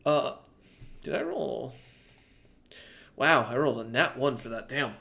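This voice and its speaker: A man narrating as game master of a tabletop game, in a casual, halting way with fillers and the odd curse. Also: mid-range voice, lively intonation, vocal fry, sharp tone. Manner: casual, halting narration with many fillers and restarts, occasional swearing.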